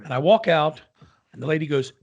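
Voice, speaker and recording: A man, an opera singer, telling a lively anecdote in casual conversation and acting out the people in it. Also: on the high side, fairly quick, lo-fi sound. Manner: animated storyteller, acts out quoted voices.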